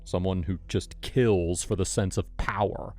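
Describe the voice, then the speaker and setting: A man narrating a scripted true-crime story in a measured, explanatory way. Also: low voice, fairly even intonation, warm tone.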